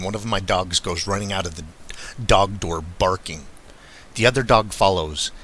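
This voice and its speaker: A man reading a first-person witness account aloud in a steady, measured way. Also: low-pitched. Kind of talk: scripted first-person narration.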